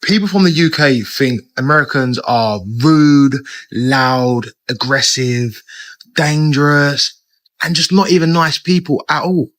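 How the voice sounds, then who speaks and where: London accent, man, emphatic, repetitive, higher-pitched. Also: unhurried, fairly bright tone. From England. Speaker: traveler. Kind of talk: casual to-camera monologue.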